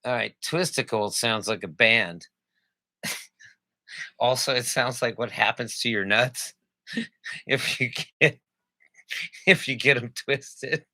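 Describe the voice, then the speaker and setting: A man's voice: medium pitch, slow, pauses often, bright, forceful tone, no echo. A man co-hosting a comedy podcast, rambling through jokes and laughing at his own bits. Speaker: podcast co-host. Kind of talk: joking casual chat.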